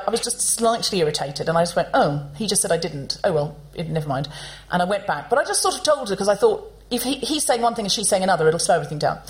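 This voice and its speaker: A woman hosting a comedy podcast on stage, telling a story to a live audience in an animated, chatty way and acting out the people in it. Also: mid-range voice.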